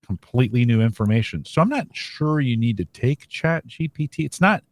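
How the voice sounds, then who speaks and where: A man co-hosting a podcast, talking in a thoughtful, measured way with frequent fillers. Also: mid-range voice, expressive. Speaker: podcast co-host. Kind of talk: casual podcast chat.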